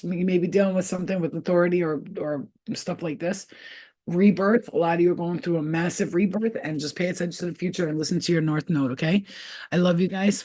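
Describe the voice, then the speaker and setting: A woman in her thirties doing a casual livestream astrology reading, talking bluntly and animatedly with plenty of swearing. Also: fairly low pitch. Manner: blunt, profane, animated, chatty. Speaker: astrology reader.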